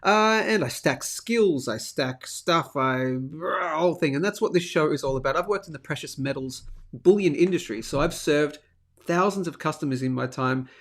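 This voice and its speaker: A man's voice: a little high, normal speed, a bit bright. Chatty Australian man hosting a live stream. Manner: chatty, upbeat, reads out viewer comments. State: sick with a throat infection, coughing. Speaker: host of a live stacking show. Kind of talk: casual live-stream chat.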